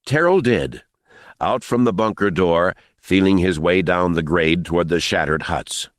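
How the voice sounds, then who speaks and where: A man reading an audiobook in an expressive, dramatic narration style. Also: sits low, unhurried, dry recording, clean studio sound. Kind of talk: scripted narration.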